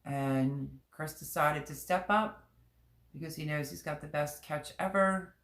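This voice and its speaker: In an echoey room at home, a middle-aged woman hosts a casual livestream chat in a low, unhurried voice with a fairly bright tone. She talks candidly and emotionally, rambling and repeating herself.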